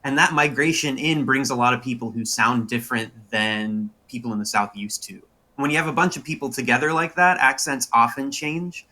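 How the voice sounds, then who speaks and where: Young male academic guest, laid-back explaining, bright forward tone. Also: medium pitch, a little fast. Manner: casual, many "like" fillers, explanatory. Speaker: linguistics professor. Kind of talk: interview answers.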